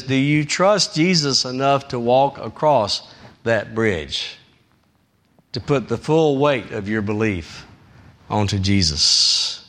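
This pastor's sermon is forceful and repetitive. He moves back and forth between raised, high emphasis and quiet, low-pitched lines.

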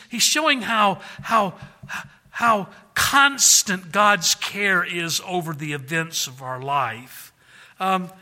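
Male pastor, high and bright voice, earnest sermon delivery in a reverberant hall. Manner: earnest, repeats words, acts out quotes with raised voice.

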